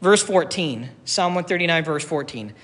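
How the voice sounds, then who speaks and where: Male pastor, high bright voice, emphatic repeated lines, long hall reverb. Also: expressive. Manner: slow, emphatic, repeats key phrases. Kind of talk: sermon.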